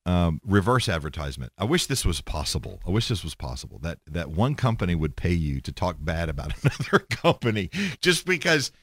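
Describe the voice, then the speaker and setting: A man hosting his own podcast, holding forth in a blunt, profane, rambling way. His pitch swings widely as he talks, and his voice sounds dry and close to the mic with no room around it. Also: sharp tone, no echo. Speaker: podcast host. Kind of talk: casual monologue.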